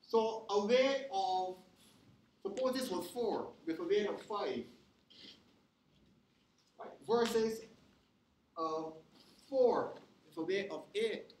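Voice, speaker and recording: A man's voice: high voice, slow pace, long pauses, darkish tone, slight background noise. A male lecturer teaching a class in an interactive way, often stopping to check whether the students are following. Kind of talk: university lecture. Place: lecture hall. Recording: echoey lecture hall recording.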